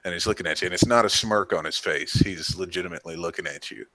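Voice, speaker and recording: Game master, male, deep forceful voice, loose casual narration. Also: quick pace, no echo. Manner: loose, hedging narration with "kinda" and "like".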